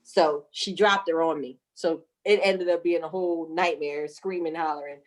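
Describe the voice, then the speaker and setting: A woman in her thirties tells a lively birth story in a deep voice at a moderate pace. She laughs and cusses her way through it and acts out every voice she quotes.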